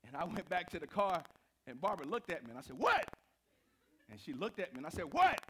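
A man preaching a sermon to a live congregation, telling stories with big swings from quiet to shouting. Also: fast, breathy edge. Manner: animated storytelling, swinging from low to shouted. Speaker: pastor.

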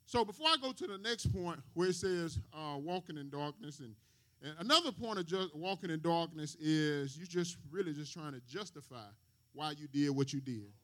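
A man's voice: high voice, bright, forceful tone. A man preaching a sermon to his congregation, talking casually and often asking them questions and waiting for them to answer. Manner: call-and-response preaching, asks the congregation questions. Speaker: pastor.

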